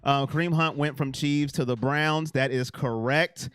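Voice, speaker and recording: A man hosting a casual sports livestream, answering chat and swinging from loud to mumbling. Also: on the high side, unhurried, clean tone, no room sound, clean studio sound. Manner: excitable, reads chat names aloud, swings from loud to mumbling. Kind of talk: casual live-chat commentary.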